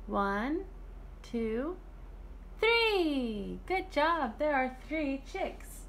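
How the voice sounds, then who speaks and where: A woman teaching young children online, speaking in a slow sing-song way as she counts and praises. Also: high voice, big pitch swings, fairly bright tone, slight background noise. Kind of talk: online preschool lesson.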